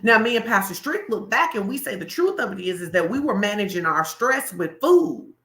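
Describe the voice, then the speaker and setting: A woman pastor giving a lively, colloquial sermon-style talk, speaking straight to her listeners. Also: medium pitch, fairly quick, roomy sound. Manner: animated, colloquial, addresses the crowd directly.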